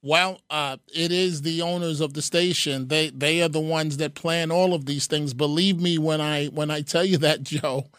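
A male talk radio host takes callers in an earnest, repetitive way, often doubling his words. His voice sits a touch high. The studio sound is dry and close. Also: fairly even intonation, normal speed, hardly any pauses, fairly bright tone, clear, resonant tone, no echo. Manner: earnest, repeats phrases, fillers. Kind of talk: talk radio call-in show. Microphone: studio mic.

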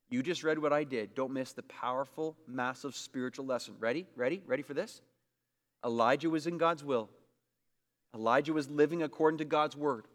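Delivering a sermon as pastor, this man keeps repeating himself with emphasis, alternating loud outbursts with hushed remarks. His voice is mid-range and trails off in long reverb.

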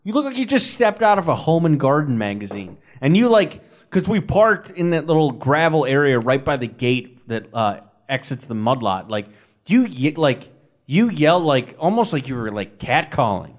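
A man's voice: a little high, big pitch swings, normal speed. A man co-hosting a sports podcast, telling stories in a rambling way with dry humor and lots of fillers. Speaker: podcast co-host. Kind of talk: casual sports podcast chat.

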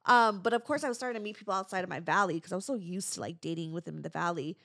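A woman's voice: lowish voice, very fast, vocal fry, a bit bright, no echo, clean studio sound. A young adult woman with a Southern California accent co-hosting a podcast in casual chat, laughing often and filling her talk with "like". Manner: laughs often, talks with many "like" fillers. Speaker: podcast co-host.

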